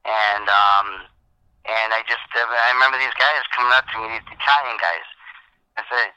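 A man in his fifties, a comedian and impressionist, telling lively anecdotes as an interview guest. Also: medium pitch, normal speed, clear, resonant tone, dry recording, rough recording. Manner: animated anecdotes, bursts into character voices. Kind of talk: casual interview storytelling.

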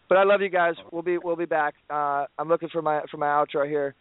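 A man's voice: a little high, fairly even intonation, fairly quick, no echo. A man hosting a radio talk show, wrapping up with effusive, pleading plugs and playful banter. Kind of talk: excited promotional sign-off. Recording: tinny phone-like line, dry.

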